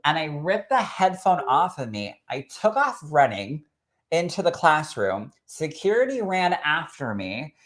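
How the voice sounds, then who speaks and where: A man, a spirit medium, sharing a personal story in an expressive, chatty way that swells with emotion. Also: fairly high pitch, a little slow. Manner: expressive and chatty, full of "like" and "literally".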